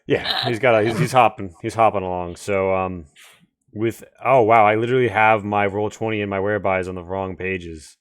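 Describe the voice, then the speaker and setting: A man's voice: lowish voice, steady tone, normal speed. A man running an online tabletop game as game master, hesitant with fillers when talking to the group.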